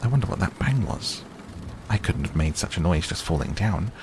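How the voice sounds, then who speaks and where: A man's voice: sits low, very animated, moderate pace, background noise. A man voicing a small, timid male piglet who frets anxiously, in a storybook reading. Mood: fretful.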